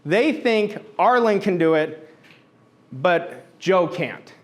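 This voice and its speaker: A man's voice: high voice, lively intonation, takes it slowly. A middle-aged man giving a motivational talk to an audience, emphatic and blunt, repeating his points and swearing now and then. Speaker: motivational speaker.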